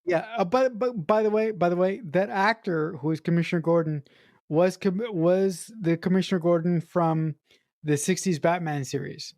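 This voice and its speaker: A woman's voice: fairly low pitch, steady tone, moderate pace, darkish tone, no room sound, clean studio sound. A woman co-hosting a movie podcast who is also a writer, talking enthusiastically and repeating words as she gathers her thoughts. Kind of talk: casual movie review chat.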